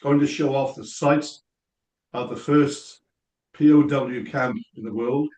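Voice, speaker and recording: A man in casual chat, sharing a piece of news in a halting way, full of pauses and fillers. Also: medium pitch, fairly even intonation, a little mellow. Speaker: guest on a chat call. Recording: echoey room.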